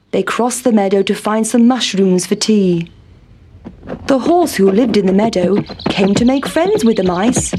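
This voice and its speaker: A woman reading a children's storybook aloud in a gentle, expressive way. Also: fairly high pitch, noisy background.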